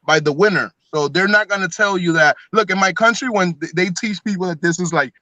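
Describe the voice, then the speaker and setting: A man's voice: high voice, brisk, pushed and bright, no room sound. A man from Colombia, co-hosting a casual sports talk show, explaining history in a chatty, rambling way. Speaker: podcast co-host.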